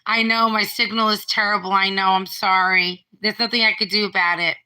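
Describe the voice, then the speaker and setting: A middle-aged woman rambles through a casual live stream from her home, reading viewer comments aloud and restarting often. Her mid-range voice is sharp, with fairly even intonation, and she talks fairly quickly with hardly any pauses. The phone recording sounds rough.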